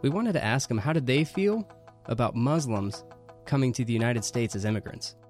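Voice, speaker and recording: A man co-hosting a Christian show, reflecting on an interview in a measured way. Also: medium pitch, lively intonation, a little mellow, faint music behind. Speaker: podcast co-host. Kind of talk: casual commentary.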